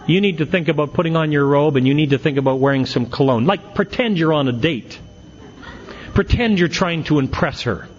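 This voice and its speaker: A man's voice: fairly high pitch, fairly quick, lo-fi sound, a little hiss or hum. A middle-aged man giving a humorous recovery talk, telling stories and acting out the quotes. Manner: storytelling with punchlines, acts out quotes. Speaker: AA speaker.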